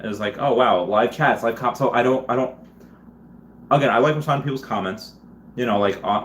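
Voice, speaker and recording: A man hosting a casual livestream, reading viewer comments and rambling with many restarts, lively when he answers chat. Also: lowish voice, slight background noise. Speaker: livestream host.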